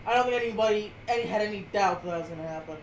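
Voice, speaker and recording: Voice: mid-range voice, rapid-fire, slight background noise, poor audio. A streamer co-hosting a live show, chatting casually with blunt, sarcastic remarks and offhand swearing. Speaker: streamer co-host.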